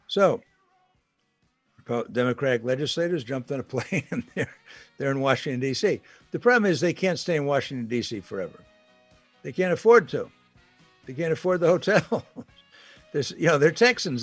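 A man's voice: medium pitch, animated, fairly quick, no echo, soft background music. A man giving conversational political commentary, indignant and emphatic, with sarcastic asides.

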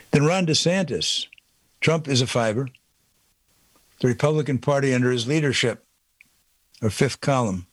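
An indignant man delivering a political commentary monologue. He drives his points home with one rhetorical question after another. His voice is mid-pitched and sits dry and close, with no room sound around it. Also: no echo. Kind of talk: opinion monologue.

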